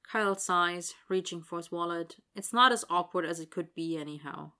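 A woman narrating an audiobook in a steady, wry storytelling manner. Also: on the low side, normal speed.

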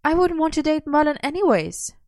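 A woman's voice: high voice, fairly quick, no room sound, pitched above the performer's own voice. A woman reading aloud, voicing a dry, sardonic young woman. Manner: dry, deadpan.

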